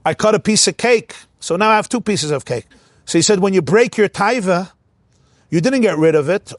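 A man with a high voice teaches a religious lesson in a lively, animated way, slipping into the voices he quotes. The sound is dry and close, with no room around it. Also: moderate pace, dry recording. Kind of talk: spoken Torah lesson.

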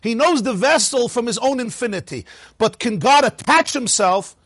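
Animated husky-voiced rabbi lecturing. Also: male voice, very high voice, moderate pace, no room sound. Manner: animated, rhetorical questions, laughs at his own points. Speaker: rabbi teaching a class. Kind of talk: lively Torah lecture.

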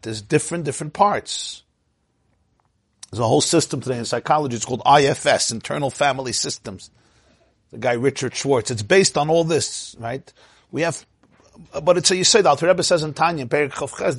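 A man giving an informal Torah lecture in a lively, joking way, acting out inner voices. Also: mid-range voice, husky, no echo, clean studio sound. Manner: animated, acts out inner voices, laughs at own jokes. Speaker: Torah class teacher.

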